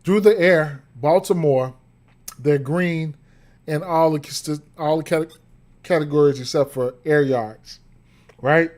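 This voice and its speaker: This sports betting streamer has a slightly high, darkish voice and an unhurried delivery. He has the hiccups, which break into his rambling livestream analysis full of fillers and repeated words.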